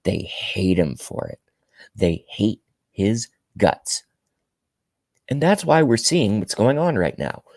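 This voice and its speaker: A political commentary vlogger with a low, gravelly, slightly mellow voice rants through a monologue, emphatic and indignant, repeating his points to drive them home. He speaks slowly in a sing-song way with frequent pauses. The sound is dry and close, with no echo or room around it.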